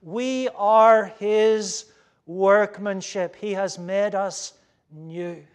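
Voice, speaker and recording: A man preaching a sermon to a gathered audience, earnest and emphatic, moving between loud stresses and hushed asides. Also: high voice, steady tone, extremely slow, clear, resonant tone.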